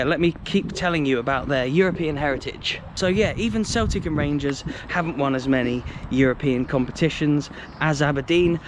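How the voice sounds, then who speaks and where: A young British man chatting enthusiastically through a walking vlog outside a stadium, with jokey asides. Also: on the high side. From United Kingdom. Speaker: football travel vlogger. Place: outdoors by a stadium in a city. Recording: outdoor street noise.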